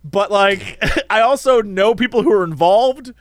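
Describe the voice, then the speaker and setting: A man co-hosting a casual podcast chat, animated and playful, mimicking others in quoted voices. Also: high-pitched, a little slow, no room sound, studio quality. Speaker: podcast co-host.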